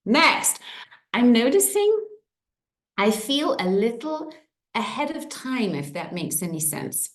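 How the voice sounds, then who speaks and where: A middle-aged woman coach telling stories in a casual talk to an online group, lively, with quick jumps in pitch. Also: reverberant.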